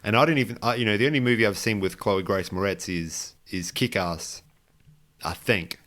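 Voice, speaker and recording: With a lowish, fairly bright voice at a moderate pace, the man co-hosts a podcast and rambles through a casual film review. He restarts often, leans on fillers, and adds dry, self-deprecating asides.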